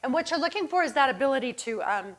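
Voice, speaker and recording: A woman dog trainer showing training cues and explaining them, calm and encouraging, with bursts of excited calling to the dog and soft low praise. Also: fast.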